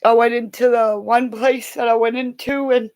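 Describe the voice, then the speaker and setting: A woman telling a long, rambling story in a casual way. She laughs often and bursts into loud quoted lines. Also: a little high, flat delivery, moderate pace, no echo.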